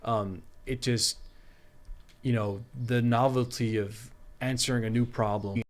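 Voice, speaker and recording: A man's voice: mid-range voice, steady tone, a little slow. A man talking as a guest on a podcast, rambling with many fillers and frequent laughs. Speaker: guest artist. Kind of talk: casual podcast chat.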